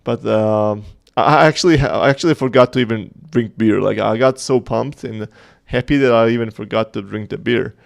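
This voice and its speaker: Gravelly-voiced man chatting on a livestream. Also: on the low side, fairly quick. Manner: chatty, joking, reading chat aloud. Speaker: host of a community livestream. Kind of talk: casual livestream chat.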